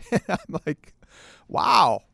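A man's voice: fairly high pitch, fairly quick, no room sound, clean studio sound. A middle-aged man co-hosting a casual chat, telling a story animatedly and acting out both sides of a phone call. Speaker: co-host.

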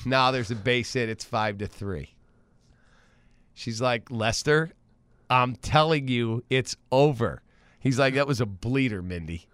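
A man's voice: mid-range voice, unhurried, no echo. A man hosting a sports radio show in casual chat, telling stories with quoted voices. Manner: animated storyteller, acts out quoted voices. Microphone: studio mic.

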